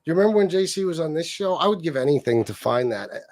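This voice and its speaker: A man's voice: fairly high pitch, animated, racing, darkish tone. A man hosting a casual livestream, reading chat comments aloud and mocking someone with heavy profanity. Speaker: livestream host.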